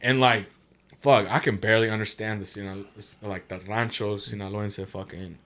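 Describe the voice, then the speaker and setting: Speaking at normal speed in a lowish voice, a male podcast guest swaps travel stories in a relaxed, slangy, profane way. He animates the quotes, doing voices for the people he describes.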